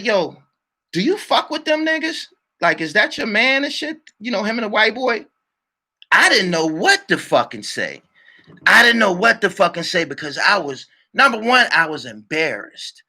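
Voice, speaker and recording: A man telling a heated personal story to his channel, swearing often and shouting when worked up. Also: high-pitched. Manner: repeats "you dig what I'm saying". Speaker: channel host. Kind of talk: storytelling vlog monologue.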